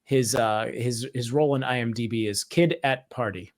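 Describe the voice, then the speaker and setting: A man talks through a horror movie in loose, animated podcast chat. His voice sits mid-range and carries easily. He swears often and slips into silly put-on voices. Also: mid-range voice, moderate pace. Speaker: podcast co-host. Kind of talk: casual movie review chat.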